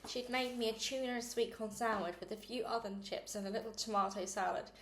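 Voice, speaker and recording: A woman's voice: on the high side, steady tone, fairly quick. Woman reading a storybook aloud. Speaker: reader. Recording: roomy echo with faint hiss.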